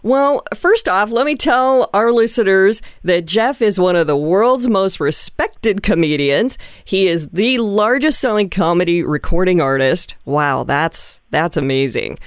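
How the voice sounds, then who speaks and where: A woman's voice: mid-range voice, expressive, a little slow, hardly any pauses, clean tone, no room sound, studio quality. A woman hosting a radio interview, upbeat and gushing as she introduces her guest. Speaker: radio host. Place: radio studio.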